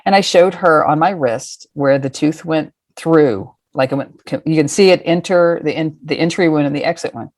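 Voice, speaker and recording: A woman's voice: low voice, normal speed, hardly any pauses, a little mellow, no echo. A woman in her fifties, a guest, telling stories in a frank, rambling and salty way. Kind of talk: casual storytelling.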